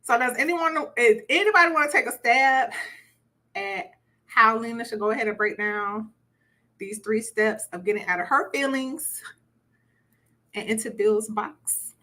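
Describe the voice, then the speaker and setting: A woman with a fairly high voice leads an informal coaching session. She talks in a chatty way and leans on repeated words to stress a point. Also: lively intonation, measured pace, long pauses, pushed and bright. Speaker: relationship coach. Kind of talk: conversational online workshop teaching.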